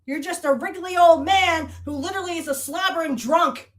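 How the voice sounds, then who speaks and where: A woman with a high voice, hosting a podcast and ranting at length. She is heated and accusatory, swears freely and keeps hammering the same rhetorical challenges. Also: normal speed. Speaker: podcast host. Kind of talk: angry monologue rant.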